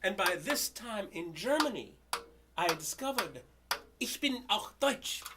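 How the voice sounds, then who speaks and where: A man from the United States performs a story poem aloud, his pitch leaping and dipping as he tells it. He talks loudly and expressively, and a heavy noise bed sits under the whole recording. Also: measured pace. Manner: animated, loud and expressive storytelling. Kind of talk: spoken-word story poem. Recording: loud background noise.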